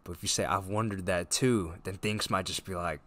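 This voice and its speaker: A man casually commenting on a story game as he plays, reading chat lines aloud and reacting with quick offhand remarks and the odd swear. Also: deep voice, fairly even intonation, dry recording. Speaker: gamer playing through a story game. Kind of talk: casual let's-play commentary. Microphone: desk mic with face cam. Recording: loud game music behind the voice. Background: loud game music and keyboard typing.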